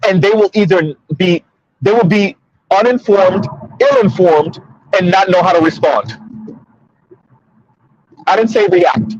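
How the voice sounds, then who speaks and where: Man, commentary host, emphatic, repetitive, husky, high voice, lo-fi car recording. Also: a little slow, long pauses, dry recording. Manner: emphatic, repetitive, addresses listeners as y'all. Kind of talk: casual commentary monologue. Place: in a car on the road.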